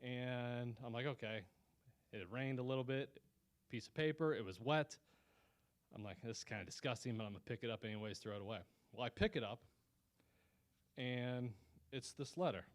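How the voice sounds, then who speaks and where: As guest speaker at a Christian lunch meeting, a man shares his personal testimony at normal speed in a medium-pitched voice. His telling is earnest and conversational, with long pauses and frequent restarts.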